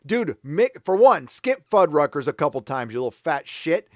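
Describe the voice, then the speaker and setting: Angry middle-aged guy ranting on his live stream, cussing constantly, kinda high voice, dry close mic. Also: big pitch swings, moderate pace, darkish tone, no room sound. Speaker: live show host.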